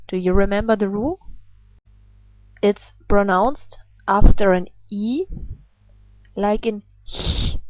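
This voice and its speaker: A woman with a German accent, a native German speaker, patiently teaching pronunciation in a slow explanatory lesson and often asking questions. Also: medium pitch, no room sound, dull audio. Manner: patient, questioning, drawn-out words. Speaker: language teacher.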